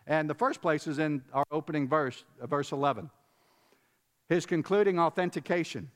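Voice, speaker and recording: In a large hall with long reverb, a man with a slightly high voice preaches at a moderate pace in a conversational style. Emphatic, he repeats words, chuckles, and puts questions to his listeners.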